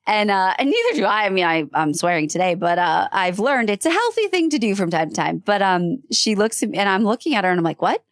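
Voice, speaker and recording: A woman in her thirties from New Hampshire, a podcast guest telling personal stories in a casual, animated way and acting out what others said. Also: fast talker, hardly any pauses, dry recording, clean studio sound. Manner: animated, acts out quoted voices with big pitch jumps. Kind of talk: casual storytelling.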